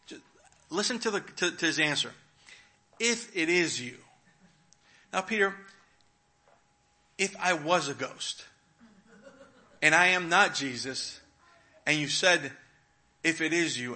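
A man preaching a sermon, retelling a scripture story and swinging between hushed, quiet moments and loud, dramatic ones. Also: on the high side. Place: church.

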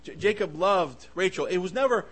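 A man delivers a fervent sermon in a slightly high voice. He swings between loud, emphatic bursts and hushed asides. He often stumbles and restarts his words as he goes. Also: lively intonation, normal speed, husky, low-quality recording. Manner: impassioned, swings loud and soft, stammering restarts. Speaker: preacher.

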